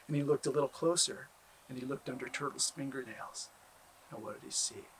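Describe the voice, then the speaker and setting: A man telling a traditional story aloud, animated, with drawn-out repeated phrases. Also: mid-range voice, noisy background. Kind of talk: oral storytelling.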